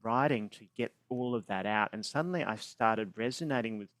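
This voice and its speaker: A man's voice: fairly low pitch, a little fast, a bit bright, no echo. A young Australian man, a singer-songwriter, talking thoughtfully about his songwriting over a remote call. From regional Australia. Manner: thoughtful, reflective, with fillers. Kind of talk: relaxed interview talk.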